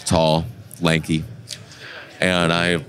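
A man's voice: low voice, very slow. A man hosting a podcast interview at a trade show, talking loosely and casually with plenty of fillers. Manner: relaxed and loose, with many fillers and restarts. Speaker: podcast host. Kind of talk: casual interview chat and storytelling.

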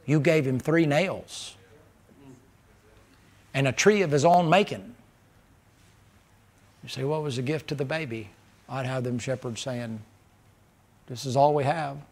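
In this sermon, a male pastor speaks with a homespun, folksy warmth at a measured pace, pausing often. His voice stays mid-pitch while moving from forceful, loud points to quiet, close passages.

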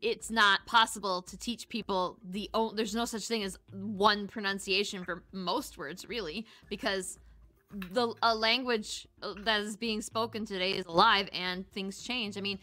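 A woman's voice: mid-range voice, steady tone, measured pace, pushed and bright. A woman co-hosting a casual chat, reading out questions in a breezy way and swearing offhandedly. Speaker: co-host reading viewer questions.

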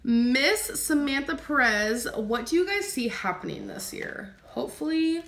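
A woman's voice: sits high, big pitch swings, measured pace, gravelly, fairly bright tone. A woman vlogger reading viewer questions and chatting casually in a couple Q&A, with loose, giggly phrasing. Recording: roomy echo.

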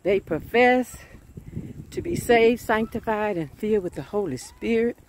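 A woman preaching an informal sermon, fervent and chatty, often breaking into laughs and shouted exclamations. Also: medium pitch, lively intonation, unhurried, slight background noise.

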